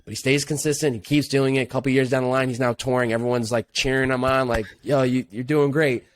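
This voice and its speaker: A young man talks through his path in a relaxed, earnest voice, dropping casual slang as he reflects. His voice sits at an everyday middle pitch. The sound is close and dry, with no room around it. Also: fast, no echo. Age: young adult. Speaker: podcast guest. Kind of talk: casual interview conversation.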